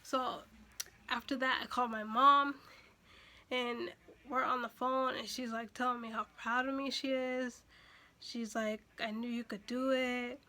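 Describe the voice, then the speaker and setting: This vlogger is a young woman recounting something personal, her talk loose and chatty with plenty of fillers and false starts. The pitch sits fairly high, the delivery is measured and steady, and the sound is bright with a forceful edge. At points the emotion rises until she is close to crying.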